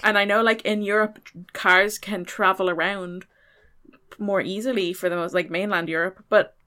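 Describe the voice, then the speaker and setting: A woman's voice: medium pitch, fairly even intonation, moderate pace, pushed and bright, clear, resonant tone. A woman in casual conversation reviewing a film, chatty and sarcastic, questioning its logic.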